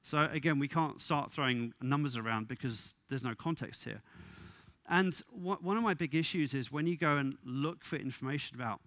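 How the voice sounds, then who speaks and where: A man giving a conference talk, wry and exasperated, with quick asides and laughs. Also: medium pitch, fairly bright tone, no echo. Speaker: conference speaker. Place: conference venue.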